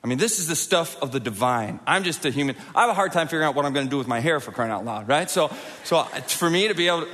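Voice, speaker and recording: A middle-aged man preaching a sermon in a large church auditorium, conversational and animated, often acting out quotes and asking the crowd for hands. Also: on the high side, rapid-fire, big-room sound. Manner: animated, conversational, with acted-out quotes and audience prompts. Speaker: pastor.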